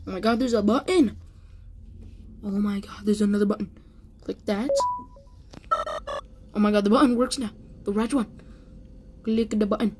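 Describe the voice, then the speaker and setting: A woman's voice: mid-range voice, steady tone, moderate pace, pauses often, darkish tone, slight background noise. A woman giving casual let's play commentary, exasperated and exclaiming as she complains about the game's controls. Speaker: gamer.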